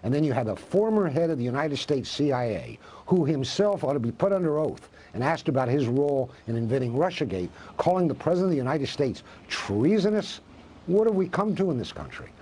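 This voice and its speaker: Husky, animated male professor guest. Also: on the high side, a little fast. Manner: impassioned, asks rhetorical questions. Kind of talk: live TV news interview.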